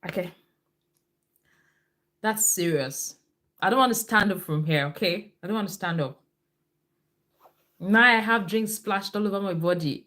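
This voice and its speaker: Brief: woman nurse host, casual livestream chat, repeats points, reads comments, mid-pitched voice. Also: a little slow, pauses often, sharp tone. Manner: chatty, repeats herself, reads out viewer comments. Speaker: nurse and midwife hosting a live health show.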